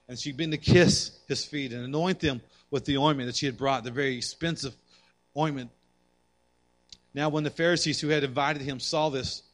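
A man preaching a sermon to women, reading scripture aloud and swinging between loud emphasis and quiet asides. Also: medium pitch. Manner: addresses the women in the audience directly; reads scripture aloud and comments on it.

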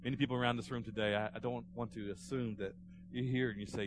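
A man's voice: mid-range voice, fairly even intonation, fast. Man preaching a sermon, noisy hum. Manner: storytelling, swelling to fervent emphasis then hushed prayer. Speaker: pastor. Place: church sanctuary.

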